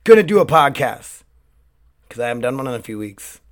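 A man hosting his own solo podcast, his voice hoarse and cracking, rambling in a loose, chatty way with plenty of swearing. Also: mid-range voice, very animated, a little fast. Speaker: podcast host. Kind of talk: casual solo podcast monologue.

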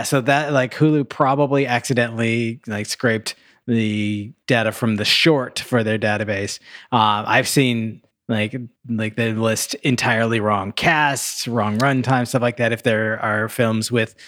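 A man's voice: medium pitch, unhurried, fairly bright tone, no echo, studio quality. A man co-hosting a movie-review podcast, speaking in an easygoing way with many fillers. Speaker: podcast co-host. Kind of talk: casual movie-review chat.

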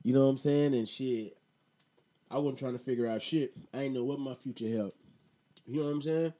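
A thirtysomething man hosts an easygoing podcast, speaking fairly quickly with a medium-pitched, mellow voice. After a profane story full of slang, he gets into talk about voting.

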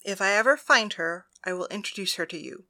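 A young priestess, loving and anxious, speaks in a bright, clear tone, as a woman reads her lines. The delivery is earnest and heartfelt, in the manner of a storybook audiobook. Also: mid-range voice, expressive, brisk. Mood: tender. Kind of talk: audiobook dialogue reading.

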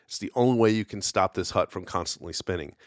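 A man's voice: deep voice, fast talker, no echo, clean studio sound. A man hosting a casual solo podcast, telling folklore in a rambling, conversational way with lots of fillers. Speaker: podcast host.

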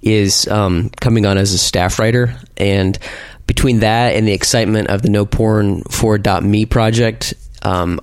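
Male podcast host, slightly low voice, dry room, easygoing chat. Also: no room sound. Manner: relaxed, reads out listener comments. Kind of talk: casual chat.

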